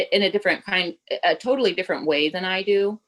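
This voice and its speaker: A woman's voice: on the low side, moderate pace, rough recording. A woman co-hosting a podcast, talking casually with lots of likes and fillers. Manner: relaxed, many likes and fillers. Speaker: podcast co-host, tattoo artist.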